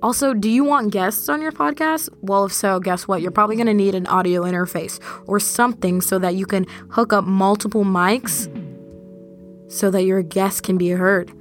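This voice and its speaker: A young woman hosting her own podcast, talking casually and directly to her listeners in a relaxed, chatty monologue. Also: medium pitch, moderate pace, soft background music. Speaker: podcast host.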